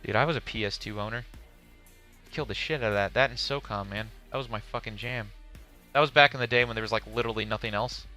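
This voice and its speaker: Forceful, bright-voiced man ranting live. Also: fairly low pitch, fast talker, faint music behind. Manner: ranting, profane, reads chat questions aloud. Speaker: streamer reacting to a game showcase. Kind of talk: casual live-stream commentary.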